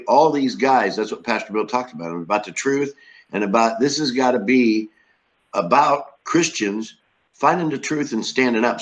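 A man's voice: mid-range voice, rough recording. A man who leads a home church group, telling the group an upbeat, rambling story in loose run-on sentences.

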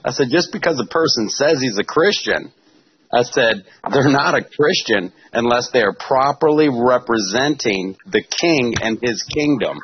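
A man's voice: mid-range voice, expressive, measured pace, slight background noise. A male pastor talking on a studio show, earnestly recounting what he preached. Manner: earnest, recounts his own sermon. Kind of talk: casual studio talk. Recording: dull lo-fi sound.

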